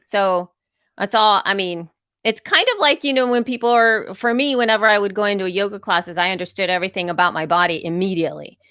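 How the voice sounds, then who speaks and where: A woman co-hosting a podcast, talking in animated, storytelling casual chat. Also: mid-range voice, quick pace, smooth, no echo, studio quality. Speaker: podcast co-host.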